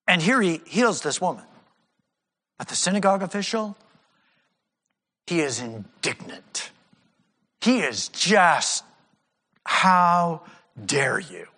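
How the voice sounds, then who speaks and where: A male pastor preaches with a high, bright, ringing voice that swings widely in pitch. He is animated and slips into the voices of the people he quotes. The sound carries the long reverb of a church hall. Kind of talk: sermon.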